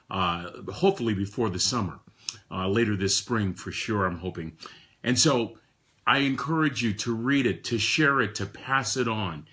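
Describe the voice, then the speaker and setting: A man in his sixties giving a motivational talk to a live audience, emphatic, with frequent repeated words and swings between soft and loud. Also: on the low side. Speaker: motivational speaker.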